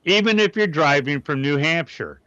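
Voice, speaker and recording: A man's voice: a little high, expressive, normal speed, bright, forceful tone, no room sound, highs cut off. Joking, rambling man co-host. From Arkansas. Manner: rambling, joking, many restarts. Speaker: podcast co-host. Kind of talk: casual chat.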